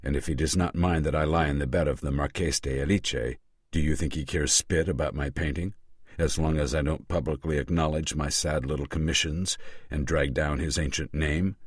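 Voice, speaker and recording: A man's voice: extremely low pitch, no room sound, studio quality. A man reading an audiobook and voicing a frank, teasing Roman courtesan woman. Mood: mocking.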